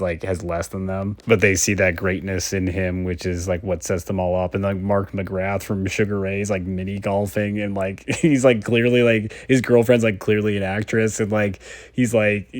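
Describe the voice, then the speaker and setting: Guy w a low flat voice talking thru a movie review, lots of likes and ums, dry close sound. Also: no room sound. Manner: rambling, many fillers. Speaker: film reviewer. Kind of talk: casual review talk.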